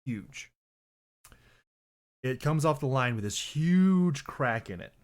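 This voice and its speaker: A young man hosts a podcast stream, chatting casually in a rambling way, frequently fixing what he says mid-sentence and erupting into loud mock voices. He speaks slowly, at medium pitch, with lively intonation.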